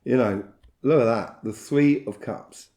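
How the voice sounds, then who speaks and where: Mellow-voiced man giving a rambling tarot reading. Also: mid-range voice, a little slow. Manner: rambling and chatty, with soft laughs. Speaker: tarot reader. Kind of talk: casual tarot reading monologue.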